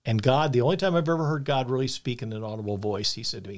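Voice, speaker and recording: A man's voice: mid-range voice, animated, quick pace, few pauses. Older male storyteller, earnest and reflective, mid-range voice. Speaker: podcast co-host. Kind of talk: personal storytelling.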